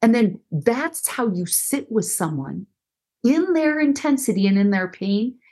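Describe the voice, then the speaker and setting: A middle-aged woman counselor explaining listening skills in conversation, animated and acting out example dialogues. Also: a little high, unhurried. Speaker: counselor and guest. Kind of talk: conversational teaching.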